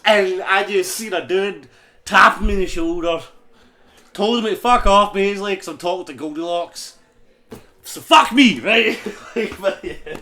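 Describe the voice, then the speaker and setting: A Scottish man telling a story in casual pub chat, animated and sweary, laughing often. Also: high voice, moderate pace. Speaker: podcast co-host. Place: busy pub.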